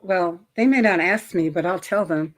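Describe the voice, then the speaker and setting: A middle-aged woman with a New York accent talks through her work in a loose, conversational way. She fills gaps with ums, restarts her sentences and clears her throat now and then. Her voice sits a little low. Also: normal speed. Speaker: guest, credit specialist. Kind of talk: casual interview chat.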